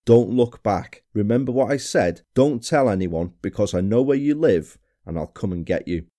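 A gruff, threatening masked attacker, as a male narrator reads out his words. The voice sits low and stays dark and mellow, with a lot of rise and fall. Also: lively intonation, moderate pace, close to an everyday voice.

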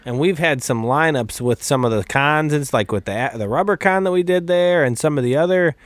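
A man's voice: fairly high pitch, a little fast, no room sound. A man co-hosting a casual podcast, blunt and profane, laughing easily as he chats. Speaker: podcast co-host.

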